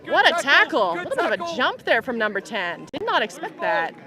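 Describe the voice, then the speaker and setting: A Canadian woman commentating a live match from the sideline, quick to exclaim at big plays. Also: a little high, wildly swooping pitch. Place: outdoor tournament sideline. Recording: outdoor crowd noise behind.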